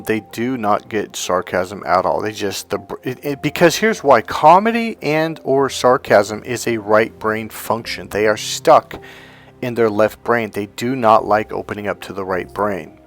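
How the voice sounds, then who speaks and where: A middle-aged self-help coach with a lowish voice offers casual talking-head advice at a slightly slow pace, faint music behind him. His chatty, animated storytelling is full of restarts, and he acts out what people said.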